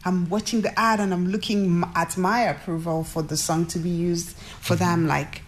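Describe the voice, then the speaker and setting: In an interview with a little hiss or hum in the background, a woman from Nigeria who works as a record executive recounts a story at a normal speed. Her fairly low voice is lively and talkative, sprinkled with fillers and quoted remarks.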